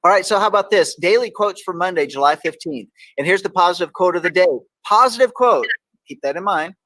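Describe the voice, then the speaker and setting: Texan male host, playful quote-reading, slightly high voice, dry close sound. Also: quick pace, fairly bright tone, no echo, rough recording. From Texas. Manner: reads quotes aloud with playful emphasis. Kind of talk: casual talk show banter.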